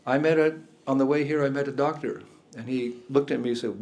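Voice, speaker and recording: A man's voice: medium pitch, fairly even intonation, a little fast, a little mellow. An older man, a spiritual teacher, giving a talk indoors to a room of listeners, chuckling often and asking them questions.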